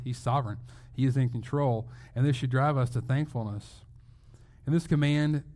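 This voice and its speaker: A man's voice: mid-range voice, dark tone. A male pastor giving a sermon in a conversational way, asking rhetorical questions and restarting phrases as he goes.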